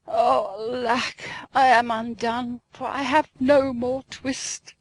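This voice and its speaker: A woman's voice: sits high, little pitch movement, takes it slowly, creaky, fairly bright tone, no echo, pitched above the performer's own voice, heavily acted. Woman doing a fretful old tailor. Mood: lamenting. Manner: wailing, fretful. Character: poor old male tailor, fretful and lamenting.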